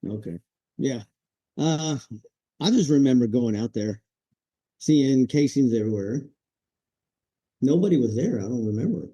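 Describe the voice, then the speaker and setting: A man recalling his war memories in casual chat, relaxed and wry. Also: medium pitch, a little slow, long pauses, slightly rough, no room sound, highs cut off. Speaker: guest, Marine veteran.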